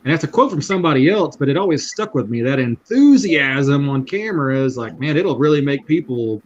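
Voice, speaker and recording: A somewhat high-voiced man talks shop over a livestream, telling stories in a relaxed, unhurried way. His voice comes through a little muffled, as stream audio often does. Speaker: YouTube mechanic, guest on livestream. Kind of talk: casual livestream chat.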